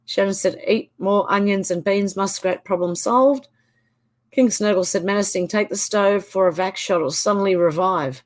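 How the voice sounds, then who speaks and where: An Australian woman at a mid-range pitch runs a relaxed live-stream chat. She reads viewers' comments out one after another and adds quick, chatty reactions between them. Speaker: channel host.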